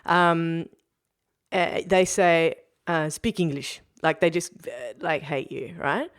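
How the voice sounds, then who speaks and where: Chatty woman, lowish voice. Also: slow pace, smooth. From Australia. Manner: animated, laughs often, restarts mid-sentence. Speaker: podcast co-host. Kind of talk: casual chat.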